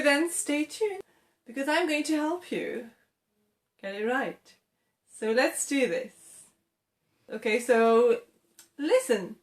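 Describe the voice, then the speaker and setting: A woman teaching English pronunciation, speaking in a slightly high voice at a very unhurried pace. She is patient and deliberate, repeating example words slowly and checking in with the viewer as she goes. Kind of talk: slow, clear pronunciation lesson to camera.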